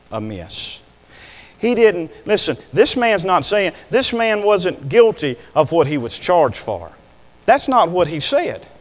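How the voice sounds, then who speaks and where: An older male preacher delivering an impassioned sermon, swinging between hushed words and loud declarations. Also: a little high. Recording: long hall reverb.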